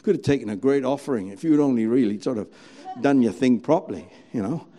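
A man's voice: medium pitch, quick pace, warm tone, pitched below the performer's own voice, lightly acted. A man preaching who voices disappointed male disciples complaining in an offhand way. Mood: grumbling.

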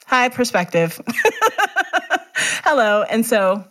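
Woman, middle-aged, low-ish pitch, guest who tells her story with lots of laughter. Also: moderate pace. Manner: animated, laughs often while telling the story. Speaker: guest, teacher and runner. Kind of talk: candid storytelling in conversation.

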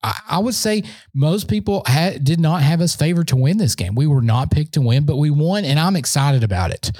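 Guy, excitable podcast fan rant, slightly high voice but mellow tone, dry close sound. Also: fairly quick, no echo. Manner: excitable, boastful fan banter. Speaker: sports podcast host. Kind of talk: solo sports podcast rant. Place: indoor room, standing.

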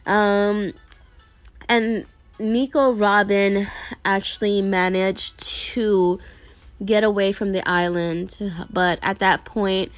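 A woman tells a story to her online audience in a relaxed, rambling way. She trips over words and pads her sentences with fillers. Her voice sits mid-range and sounds close and dry. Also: medium pitch, takes it slowly, no echo, faint music behind. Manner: rambling, many fillers and restarts. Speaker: anime video creator talking to viewers. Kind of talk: casual storytelling chat.

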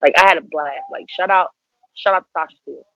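A woman's voice: lowish voice, fairly quick, fairly bright tone, no echo. A woman in her thirties, a professional wrestler, chatting casually and playfully in an interview, full of slang. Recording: dull lo-fi audio.

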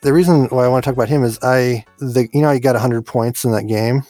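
A man's voice: medium pitch, fast talker, mellow, dry recording, soft background music. A middle-aged man co-hosting a casual chat, telling odd history footnotes and laughing often. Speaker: podcast co-host.

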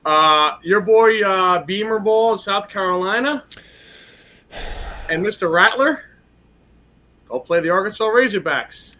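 A man with a high, bright voice co-hosting a casual sports podcast. His delivery is animated and excitable, blunt, with casual swearing. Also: a little slow, pauses often.

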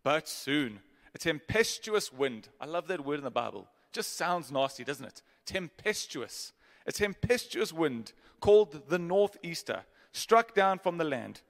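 A male preacher in a church reads scripture with dramatic weight, breaking off for humorous asides to his congregation. His voice sits a touch high, and long reverb from the hall trails each phrase. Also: big pitch swings, normal speed, creaky, few pauses. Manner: dramatic emphasis while reading, joking asides to the congregation. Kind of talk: sermon reading and explaining scripture. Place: church auditorium.

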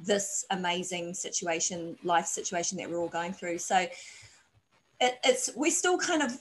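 A woman's voice: lowish voice, unhurried, poor audio. Chatty woman interviewer. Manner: chatty and personal, laughs easily. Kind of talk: casual interview talk.

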